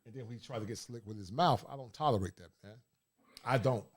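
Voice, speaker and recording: A blunt man hosts a casual livestream and talks in a streetwise, preachy way. His voice sits at an ordinary middle pitch. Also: quick pace. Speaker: livestream host.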